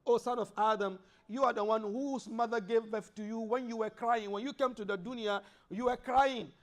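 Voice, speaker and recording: High-voiced man preaching in a mosque. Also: steady tone, moderate pace. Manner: preaches with rising emphasis and quoted Arabic verses. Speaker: imam. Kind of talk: sermon.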